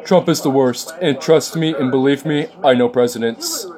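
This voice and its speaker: A man putting on a boastful male politician, with slow, emphatic bragging and noise from a crowd behind. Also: medium pitch, music in the background, lightly acted.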